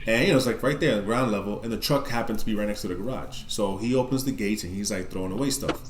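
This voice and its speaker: A man's voice: on the low side, fast, reverberant, slight background noise. A man with a New York accent telling a story casually, with lots of swearing and filler words. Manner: profane, animated storyteller, many fillers. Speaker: podcast guest telling a story.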